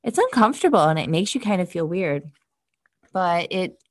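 A woman's voice: lowish voice, sing-song, moderate pace, no room sound, studio quality. A woman giving a candid motivational talk about self-talk, swearing casually and calling her listeners "guys". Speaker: self-help podcast host. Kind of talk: motivational monologue.

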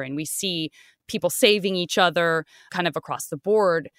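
A woman co-hosting a podcast and chatting casually, animated and talkative, her voice jumping high when she gets excited. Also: smooth, dry recording, studio quality. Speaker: podcast co-host and voice actor. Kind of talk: casual chat.

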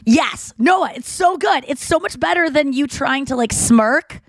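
A woman's voice: high-pitched, expressive, measured pace, no echo. A young adult woman co-hosting a podcast, telling candid, crude stories and acting out what people said. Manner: candid, crude storytelling with acted-out quotes. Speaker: podcast co-host. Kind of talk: casual chat.

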